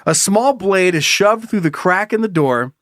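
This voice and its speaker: Animated, laughing male podcast host. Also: high-pitched, normal speed, no room sound, clean studio sound. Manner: animated, laughs often, acts out voices while reading. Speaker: podcast co-host reading listener emails. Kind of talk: casual comedic chat.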